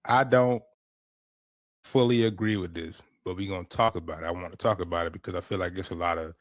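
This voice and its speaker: Deep-voiced man, casual podcast host. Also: a little fast, no echo. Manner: animated, laid-back storytelling with repeated restarts. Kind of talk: casual chat.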